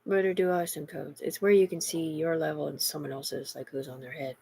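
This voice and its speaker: A woman's voice: low-pitched, steady tone, fairly quick, vocal fry, a little mellow, slight background noise. A middle-aged woman in an agitated, rambling livestream monologue, heavy with profanity.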